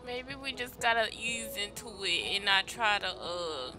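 A woman hosting a life-sim gameplay video, chatting casually and gushing excitedly to her viewers. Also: medium pitch, measured pace, music in the background. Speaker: let's play host. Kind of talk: casual gaming commentary.

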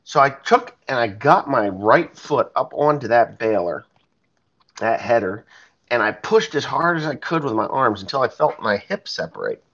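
A man's voice: mid-range voice, lively intonation, normal speed, a bit bright, muffled recording. A man, a farmer, telling a personal story in a blunt, plain-spoken, profane way.

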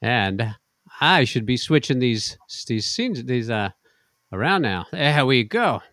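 A man's voice: mid-range voice, sing-song, takes it slowly, a bit bright, dry recording. Man hosting with a dry voice. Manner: loose and conversational, cueing the guest. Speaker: show host. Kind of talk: casual online show hosting.

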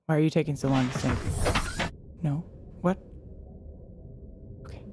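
A woman's voice: sits low, measured pace, background noise. A young woman commenting nervously on a game as she plays, talking to creatures and swinging between shrieks and whispers. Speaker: gamer.

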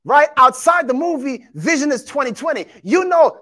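High-voiced animated male preacher. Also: normal speed. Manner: animated, acts out quotes, shouts for emphasis; addresses congregation as beloved and y'all. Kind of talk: sermon.

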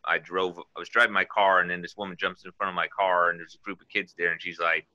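A man with a very low, strikingly bright and forceful voice shares an earnest testimony, wandering between stories and scripture quotes. The sound is dry and dull, like a lo-fi recording. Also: level tone, fast talker, no room sound. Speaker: guest sharing testimony. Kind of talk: informal spoken testimony.

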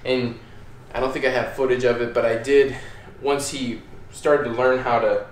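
A man's voice: mid-range voice, steady tone, normal speed. A man hosting a casual how-to video at home, talking in an easygoing, rambling way with plenty of fillers. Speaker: dog trainer, channel host. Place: indoors at home by a hallway. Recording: echoey room, faint room noise.

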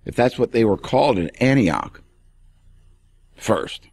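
A man's voice: on the low side, big pitch swings, unhurried, creaky, long pauses, a little mellow, breathy edge. A male pastor preaching an emphatic radio sermon and speaking straight to the listener.

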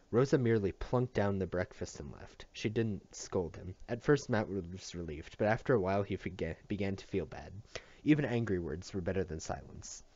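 Male amateur reader, low voice, plain reading with stumbles; dry lo-fi sound. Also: darkish tone, dry recording. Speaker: audiobook reader. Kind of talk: reading a novel aloud. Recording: dull dry lo-fi home recording.

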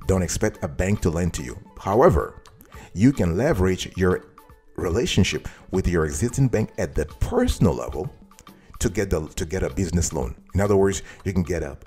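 A man's voice: deep voice, dark tone, breathy edge. A man hosting a financial advice tutorial, speaking emphatically and addressing the viewer directly. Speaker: host giving financial advice.

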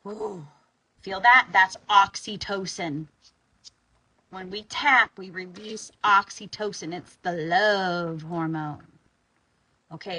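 A woman with a bright, breathy voice leads a guided tapping session in a relaxed, informal way. She sighs out loud on the exhales and sometimes leans hard on a phrase for emphasis. Her pitch sits in an ordinary middle range. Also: low-quality recording. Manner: soothing, sighing, informal with bursts of emphasis.

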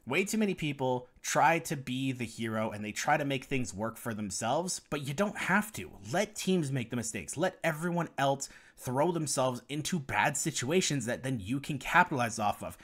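A man's voice: mid-range voice, animated, normal speed, hardly any pauses, a bit bright. A young man commentating over gameplay footage, explaining strategy to viewers in a guide. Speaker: gaming guide creator.

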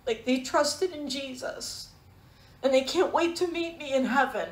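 Female Bible teacher, fairly high voice, heartfelt personal storytelling in a sermon, roomy echo. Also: unhurried. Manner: personal storytelling, earnest and emotional. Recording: echoey room.

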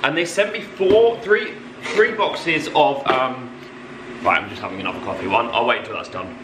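A young man filming a casual vlog in his flat, gushing and excitable as he talks to viewers. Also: mid-range voice, normal speed, recorded from a distance, noisy background. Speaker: vlogger. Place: flat, indoors. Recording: echoey room.

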